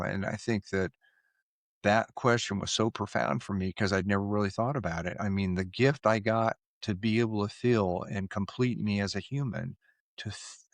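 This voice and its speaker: A man's voice: on the low side, no room sound. A man in his sixties, a podcast guest, telling his story in an earnest, reflective way.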